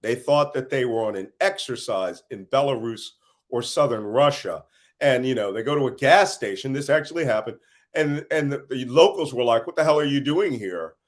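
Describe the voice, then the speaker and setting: A man's voice: medium pitch, moderate pace. Tired American man recounting war analysis. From United States. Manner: animated storytelling with laughs. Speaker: interview guest, intelligence analyst. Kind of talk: interview answers.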